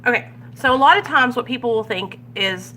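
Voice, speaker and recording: Bright and forceful, this woman's fairly high voice moves a little fast. As a recovery vlogger running a Big Book study, she keeps the group talk casual and candid. Again and again she tosses out "right?" to make sure her listeners are with her.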